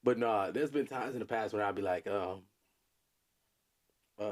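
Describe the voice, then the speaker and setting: A man's voice: lowish voice, normal speed, pauses often. A man hosting a casual podcast chat, laid-back and rambling, with many fillers and chuckles. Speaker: podcast host.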